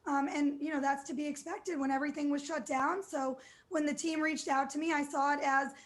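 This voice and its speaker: A woman in her thirties with a high voice speaks as a guest on a news program. She answers in an upbeat, fluent way, leaning on "you know" as she goes. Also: flat delivery, a little fast. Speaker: guest, DJ and entrepreneur. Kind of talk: remote TV news interview.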